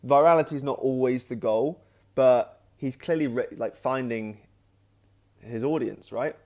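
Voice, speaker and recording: Man telling an animated anecdote. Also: medium pitch, a little slow. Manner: animated anecdote, acting out his own past remarks; loose, with frequent restarts and "like". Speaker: creator and host of his own channel. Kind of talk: casual storytelling to camera.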